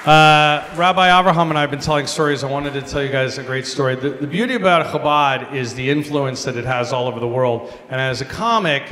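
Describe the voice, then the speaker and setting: A man, a comedian, telling a lively story at a gala, talking animatedly. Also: mid-range voice, a little fast, few pauses. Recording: echoey hall, faint noise.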